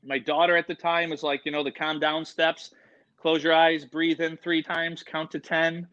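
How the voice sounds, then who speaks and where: A man telling stories as an interview guest, excitable and rambling, full of "like" and "you know". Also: a little high, normal speed, dull audio. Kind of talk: casual storytelling.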